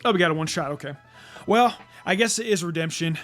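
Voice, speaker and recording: Man, gaming commentary, slightly high voice, stammers and repeats words, curses when annoyed, faint game music behind. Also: fast talker, fairly bright tone. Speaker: gaming channel host. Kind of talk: let's play commentary.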